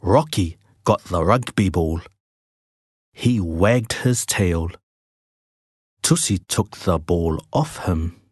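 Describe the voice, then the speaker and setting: A man reading a children's picture book aloud, with a slow, lively read-aloud manner. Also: sits low, husky, no echo, studio quality. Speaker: storybook reader.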